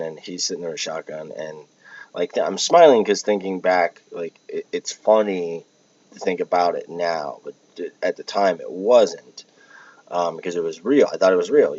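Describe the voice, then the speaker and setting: A man casually telling a dream story, halting with restarts and fillers, often clearing his throat. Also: low-pitched, a little mellow. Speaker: podcast host telling a dream. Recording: dull lo-fi dry recording.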